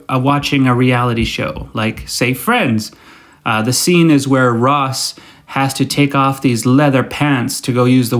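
A man hosting his own podcast alone, talking casually in a rambling, self-deprecating way, with many fillers and restarts. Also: medium pitch. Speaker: podcast host. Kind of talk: casual solo podcast monologue.

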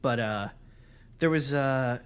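A man's voice: mid-range voice, takes it slowly, a little hiss or hum. A young man hosting a podcast, telling a long, profane story in casual chat and acting out what people said. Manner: profane, animated, acts out quotes in other voices. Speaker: podcast host.

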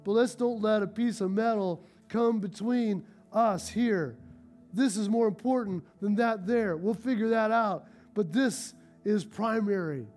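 A pastor acting out a man whose truck was dented, first ranting fast and high, then calm and gentle. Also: soft background music. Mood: gentle, reassuring. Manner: ranting fast and high when angry, gentle and low when forgiving.

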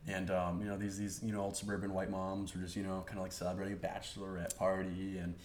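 A man's voice: deep voice, fast talker, a little hiss or hum. A young man co-hosting a podcast, chatting casually and acting out quotes in his stories. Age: young adult. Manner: animated storyteller, acts out quotes. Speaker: podcast co-host. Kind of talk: casual chat.

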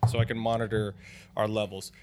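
A tipsy man chatting casually as co-host, quick and crude in his jokes. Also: on the low side, little pitch movement, darkish tone. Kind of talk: casual chat.

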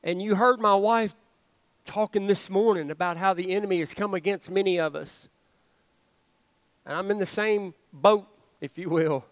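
A man's voice: high-pitched, normal speed, pauses often, no echo, big-room sound. A male pastor preaching a sermon in a church, earnest and conversational, with playful asides. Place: church sanctuary.

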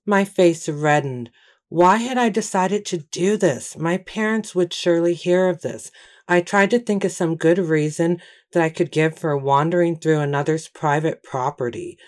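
Low-voiced woman narrating an audiobook. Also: normal speed, a little mellow. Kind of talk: first-person audiobook narration.

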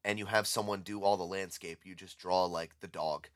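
A man's voice: low voice, fairly even intonation, normal speed, no room sound, studio quality. Laid-back man in casual podcast banter. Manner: laid-back, says "you know what I mean" a lot. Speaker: podcast co-host.

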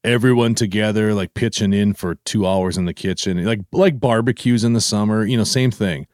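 A podcast co-host chats casually and with enthusiasm, rambling and using lots of fillers. His voice is lowish and a little mellow, at a moderate pace, recorded with clean studio sound and no echo.

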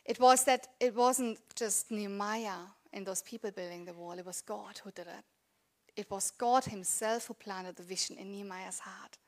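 A woman's voice: mid-range voice, moderate pace. A woman in her thirties preaching a sermon in a conversational, earnest way, asking the congregation rhetorical questions. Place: church.

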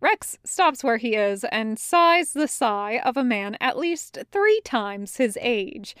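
A woman reading fan fiction aloud as a podfic narrator, in a measured storytelling manner. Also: on the high side, animated, a bit bright, clear, resonant tone, no room sound, clean studio sound. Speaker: podfic reader.

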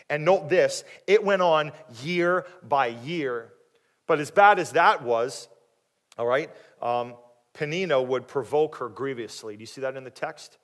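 A male pastor preaching with a somewhat high voice. He talks with animation, swings loud and high when he acts out voices from the story, then turns low and quiet to put questions to the listeners. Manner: animated, acting out quoted voices with big swings in pitch and loudness. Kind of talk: sermon.

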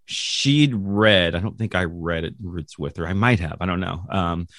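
A man's voice: low voice, normal speed, fairly bright tone, dry recording, clean studio sound. A middle-aged man, a podcast guest, telling a childhood story in a rambling way, with lots of ums, restarts and laughs. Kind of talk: casual storytelling.

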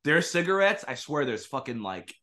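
A man co-hosts a casual podcast, breaking in with quick jokes and loose swearing. His voice is slightly higher than average and sounds bright and forceful. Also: sing-song. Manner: quick banter, jokey interjections, swears casually. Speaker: podcast co-host.

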